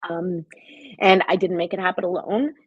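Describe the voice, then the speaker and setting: Woman coach chatting to her viewers on a stream, lowish husky voice, dry close sound. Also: steady tone, moderate pace, dry recording, dull audio. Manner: chatty and encouraging, talks straight to viewers. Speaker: host and life coach. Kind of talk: live-streamed motivational talk.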